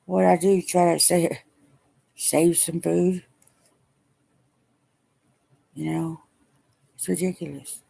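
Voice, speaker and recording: A middle-aged woman speaking haltingly and wearily in a personal video diary, emotional as she talks. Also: fairly low pitch, little pitch movement, vocal fry, mellow, slightly rough. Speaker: vlogger.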